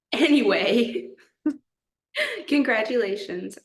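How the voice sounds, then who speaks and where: A young woman from Texas co-hosting a casual chat podcast, bubbly and quick to laugh, gushing over her friend. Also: a little high, animated. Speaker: podcast co-host.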